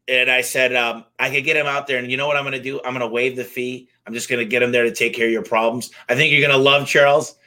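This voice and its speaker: A man who owns a service company, telling lively anecdotes in a casual interview and acting out the dialogue. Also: medium pitch. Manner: energetic, fast-moving anecdotes with acted-out dialogue. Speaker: garage door company owner, guest.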